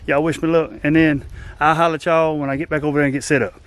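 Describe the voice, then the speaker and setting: A man's voice: fairly high pitch, level tone, quick pace, fairly bright tone. A man, talking casually and rambling in a folksy, self-deprecating way to a camera set up outdoors by a swampy creek, out of breath as he pushes a boat across. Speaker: outdoors vlogger. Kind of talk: casual outdoor vlog chat. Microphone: camera set up nearby.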